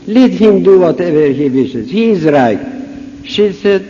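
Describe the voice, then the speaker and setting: With a warm tone and lively intonation, an older Persian conference speaker from Iran performs a humorous anecdote, acting out both parties in its dialogue in unhurried, halting English and a voice pitched high for a man. Recorded in a big echoey hall, the audio is dull, lo-fi, and faintly hissy.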